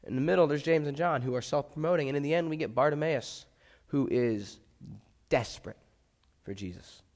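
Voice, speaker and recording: Gravelly-voiced pastor preaching in a hall. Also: male voice, fairly high pitch, normal speed, darkish tone. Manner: conversational, often asks "right?". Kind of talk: sermon. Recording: echoey hall with long reverb.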